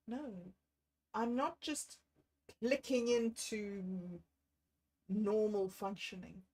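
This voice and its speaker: A woman, talking on a livestream about a bad day. She thinks aloud in a candid, self-deprecating way and sounds low and unwell. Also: extremely slow, pauses often, a little mellow, low-quality recording. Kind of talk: rambling personal livestream.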